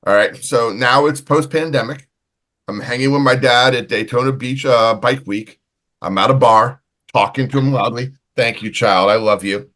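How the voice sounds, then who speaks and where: A loud, profane man hosts a casual talk show, laughing his way through stories and jokes. His voice sits at an ordinary pitch for a man, and he talks with easy, rowdy energy. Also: normal speed. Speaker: podcast host. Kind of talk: casual banter and storytelling.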